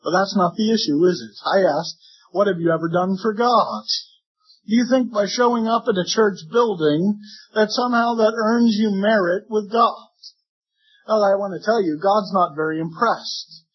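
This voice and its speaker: Husky-voiced man preaching a sermon. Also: high-pitched, normal speed, dull audio. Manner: earnest preaching with voiced imagined objections. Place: church.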